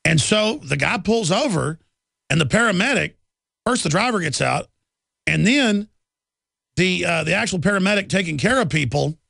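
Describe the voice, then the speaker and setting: A man's voice: high voice, animated, normal speed, creaky, a bit bright, no echo, clean studio sound. A man hosting a live talk radio show, ranting indignantly about the news and often restarting and repeating words.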